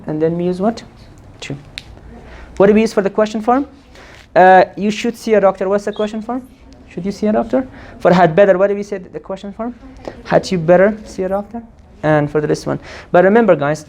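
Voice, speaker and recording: A woman teaching an English grammar lesson, quizzing the class and answering her own questions, repeating forms slowly. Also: fairly low pitch, darkish tone, a little hiss or hum. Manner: asks the class questions and answers them herself.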